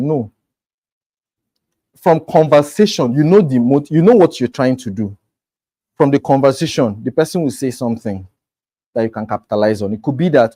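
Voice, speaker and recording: A man coaching realtors in a relaxed, conversational way, acting out quoted lines as he talks. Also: medium pitch, normal speed, dry recording, rough recording. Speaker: real estate sales coach. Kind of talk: informal coaching talk.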